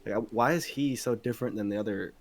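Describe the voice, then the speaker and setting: A man co-hosting a casual podcast, thinking out loud in a rambling way, swearing freely and speeding up when he gets excited. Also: fairly low pitch, quick pace. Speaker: podcast co-host. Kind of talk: casual chat among friends.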